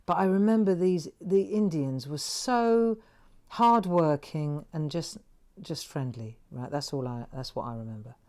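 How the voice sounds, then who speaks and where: A woman hosting a craft livestream, telling a rambling, animated story while she demonstrates. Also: deep voice, unhurried. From England. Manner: rambling, animated anecdotes with frequent "right?".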